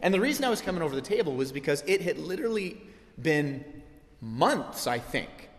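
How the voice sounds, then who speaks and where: A man preaching a sermon as pastor, telling stories in an animated, lively way. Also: on the high side, fairly quick. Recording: long hall reverb.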